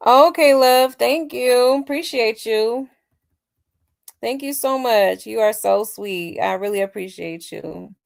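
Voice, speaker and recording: A woman hosting a celebrity gossip livestream chats sassily and directly to her viewers, her fairly high voice slow and creaky. She sounds slightly hoarse, as though she's losing her voice, during the casual gossip commentary.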